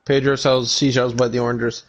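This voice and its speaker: A man's voice: medium pitch, level tone, normal speed. A man joking around while playing a game with friends, goofy and playful. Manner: playful, goofy, sings along. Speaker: gamer. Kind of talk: casual gaming chat with friends.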